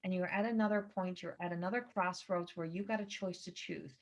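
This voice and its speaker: A woman's voice: lowish voice, fairly even intonation, a little fast. A woman giving a channeled astrology reading at home, talking in an earnest, rambling and emphatic way. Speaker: psychic reader. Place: indoors at home by a window. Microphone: computer camera mic. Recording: slightly dull lo-fi recording.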